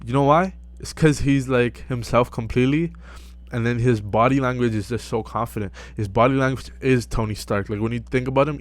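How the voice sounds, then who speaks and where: A young man giving casual self-improvement advice to camera, relaxed and full of fillers, often checking in with "right?". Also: mid-range voice. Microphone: close mic.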